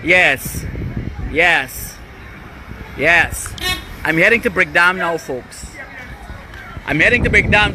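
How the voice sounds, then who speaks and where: An indignant man with a high-pitched voice vlogs on the go from a vehicle. Loud traffic noise surrounds him the whole time. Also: lively intonation, slow pace, long pauses. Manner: indignant, talks while riding in traffic. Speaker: community worker. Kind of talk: on-the-go vlog.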